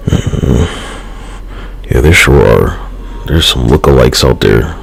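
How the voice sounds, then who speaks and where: A man's voice: rumbling low, slow pace, gravelly, long pauses, slight background noise, poor audio. A man live streaming, rambling loosely in a casual, profane, slangy way. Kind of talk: rambling casual livestream talk.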